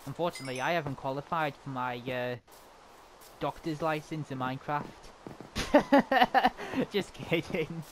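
A man giving excitable, chatty commentary while playing a game. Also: on the high side, unhurried, pauses often, noisy background. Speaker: gamer. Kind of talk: casual gameplay commentary.

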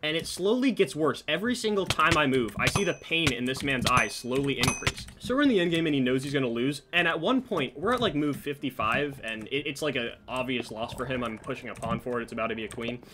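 This gaming commentator spins a story as he plays, casually interrupting himself with animated remarks about the match. His mid-range voice moves fairly quickly with hardly any pauses, over a little hiss or hum.

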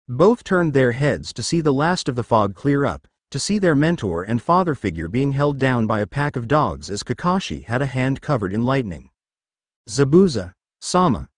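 A man's voice: medium pitch, sing-song, normal speed, hardly any pauses, no echo, studio quality. A man reading a fanfiction story aloud as narrator.

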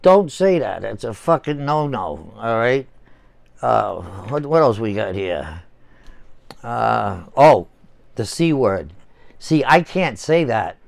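A man's voice: mid-range voice, big pitch swings, slow pace, creaky, long pauses, no echo. A man in his sixties, a channel host ranting casually with heavy swearing, heated sarcasm and repeated words. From United States. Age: 60s. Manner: profane, swears often. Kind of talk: casual rant to camera.

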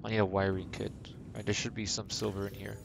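A young man streams a video game live, chatting with viewers in a rambling, playful, self-deprecating way over game music. His voice sits on the low side, level in tone, gravelly, and he talks fast. There's some background noise.

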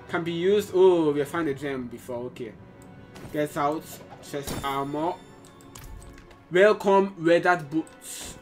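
A man hosting a gaming channel, giving excitable live gameplay commentary with frequent exclamations and repeated phrases. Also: on the high side, a little slow. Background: game music.

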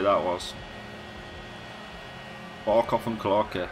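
A man giving casual gameplay commentary, cheering and shouting encouragement at the screen as he plays. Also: fairly low pitch, fairly even intonation, slow pace, long pauses, slight background noise. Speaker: gaming YouTuber.

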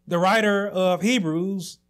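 A man pastor delivering a sermon, preaching emphatically with repeated phrases and rising to shouts. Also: sits high, fairly even intonation, slow pace.

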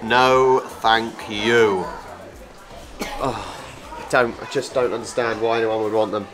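A man's voice: lowish voice, steady tone, unhurried, music in the background, crowd noise. A man filming a travel vlog as he walks around a wildlife park, chatting playfully about the animals. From England. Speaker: travel vlogger. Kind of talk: casual walk-and-talk vlog commentary. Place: outdoor wildlife park and reptile house.

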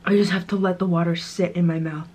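A woman's voice: on the low side, steady tone, quick pace, darkish tone. A young woman in a casual eating vlog, talking in a dorm room, swearing and gasping at the heat of the food. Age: young adult. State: in pain from spice, coughing. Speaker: vlogger. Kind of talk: casual mukbang chat.

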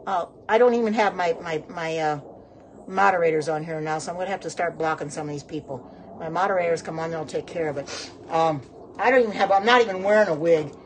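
A woman's voice: fairly low pitch, quick pace, a little hiss or hum. A middle-aged woman hosting a casual phone livestream from her home kitchen, chatting while she cooks, reacting aloud to viewer comments and exclaiming often. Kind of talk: casual live-stream chat while cooking.

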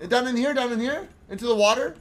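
A young man streaming games, commenting live in a jokey, excitable way and often shouting at the screen. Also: very high-pitched, fast talker, slight background noise.

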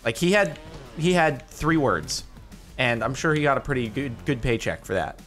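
A man hosting casual gaming commentary, animated and quick to exclaim and laugh. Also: medium pitch, soft background music. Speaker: host.

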